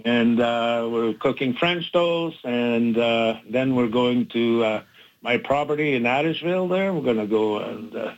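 A man's voice: mid-range voice, measured pace, muffled recording. A man in his sixties talking casually as a phone-in radio guest, with lots of fillers and restarts and an easygoing, smiling delivery. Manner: warm, chatty, many fillers and restarts, laughs easily.

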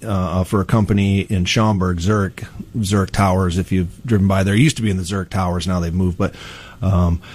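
Midwest police chief chatting, low voice, restarts a lot, easygoing. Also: male voice, a little fast, slightly rough. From Peoria, Illinois. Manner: relaxed storytelling, many ums and restarts. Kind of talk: casual interview.

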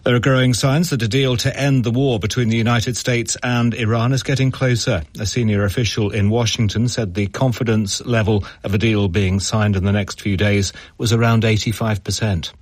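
A man reading a news bulletin in a formal, even delivery. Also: fairly low pitch, normal speed, hardly any pauses, no echo. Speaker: newsreader. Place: studio.

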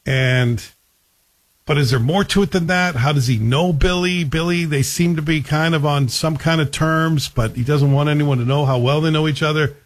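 A man's voice: fairly high pitch, normal speed. A man casually reviewing a TV series, chatty and wry, asking the listener questions as he goes.

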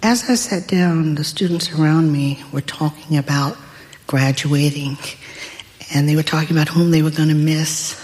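An older woman telling a personal story in a deliberate, wry way. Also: low voice, steady tone, a little mellow. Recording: long hall reverb.

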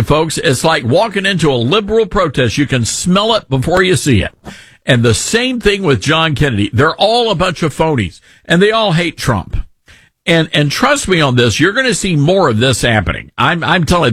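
Husky, animated Southern talk radio host. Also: male voice, a little high, dry recording. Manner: sarcastic, ranting, animated.

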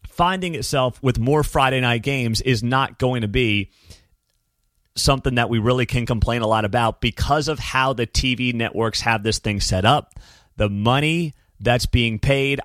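A man's voice: mid-range voice, a bit bright, no room sound, studio quality. A man hosting a live-streamed college football talk show, with sarcastic asides and talking straight to his viewers. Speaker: sports talk host.

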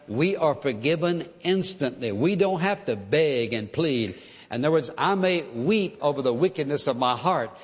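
A man preaching a sermon in an earnest, conversational way, now and then acting out pleading prayers. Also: medium pitch. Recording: muffled sound in a large reverberant hall.

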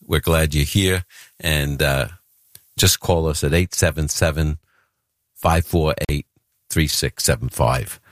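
A man's voice: very deep voice, slow, pauses often, dry recording, clean studio sound. A man from Brooklyn hosting a call-in radio show, chatty and earnest as he promotes an event and takes callers. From Brooklyn, New York. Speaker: radio host.

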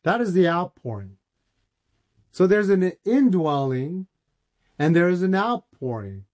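A man preaching a sermon, with a warm and mellow voice pitched a little high. He tells a testimony in a storytelling way and restarts his words as he gets going. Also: unhurried. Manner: storytelling, repeats words when excited.

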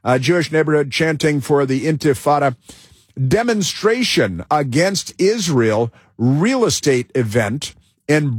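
Emphatic husky-voiced male radio host. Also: medium pitch, dry recording, clean studio sound. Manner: emphatic, rambling with many fillers and restarts. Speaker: radio talk show host. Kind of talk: political talk radio monologue.

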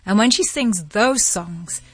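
A woman giving scripted narration as a podcast host, vivid and measured. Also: mid-range voice, animated, breathy edge.

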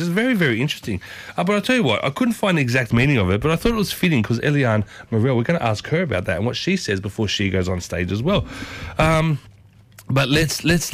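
Chatty radio host, dry sound. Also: male voice, medium pitch, fairly bright tone, no echo. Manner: chatty, enthusiastic, repeats phrases. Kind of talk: casual radio talk.

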